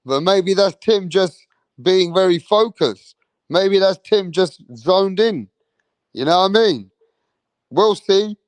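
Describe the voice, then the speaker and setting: A young man hosts a boxing livestream in a high-pitched voice with lively intonation, taking things slowly. He chats casually in slang, repeats himself, and reads viewer comments aloud, with no room sound.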